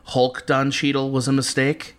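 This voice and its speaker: A man's voice: mid-range voice, normal speed, smooth. A man in a casual movie review chat, agreeing with his co-host and riffing on ideas with frequent laughter. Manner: animated, laughs a lot, agrees and riffs.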